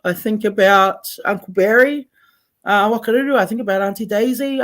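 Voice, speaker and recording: A woman's voice: medium pitch, moderate pace. Brief: NZ woman, radio host, gushing and heartfelt, mixes Māori and English. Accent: New Zealand. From Taranaki, New Zealand. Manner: effusive, switches between Māori and English. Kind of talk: live community radio chat.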